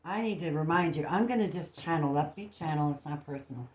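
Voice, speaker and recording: Speaking a little fast in a deep, darkish voice, a woman gives a casual tarot reading to camera on her phone. She's blunt and emphatic and swears freely, and the room is echoey.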